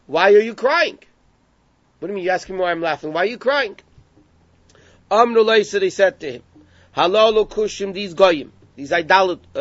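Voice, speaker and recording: High-voiced man teaching a Gemara lesson. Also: no echo, muffled recording. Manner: translates Hebrew phrases line by line, animated. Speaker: Torah teacher.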